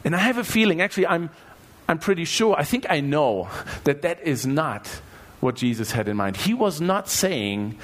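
A pastor with a German accent preaches to his congregation, his voice sitting a little high for a man. He talks in a lively way and keeps asking the room rhetorical questions. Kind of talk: sermon. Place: church.

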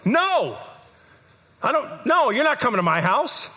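A man's voice: very high-pitched, big pitch swings, unhurried, bright, forceful tone, voice pushed up, exaggerated voice. A man voicing a scornful grown man who sputters a refusal. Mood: defiant.

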